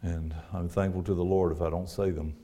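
A man's voice: low-pitched, little pitch movement, brisk, mellow. A man preaching a sermon, earnest, quoting scripture and asking his listeners rhetorical questions.

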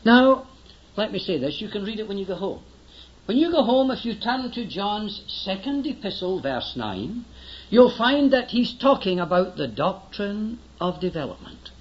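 An older man preaches with earnest, emphatic urgency. His voice sits high and swings widely in pitch. The recording is dull and lo-fi, like an old tape. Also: very animated, normal speed. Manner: earnest, emphatic, pleading with listeners to listen. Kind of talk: sermon.

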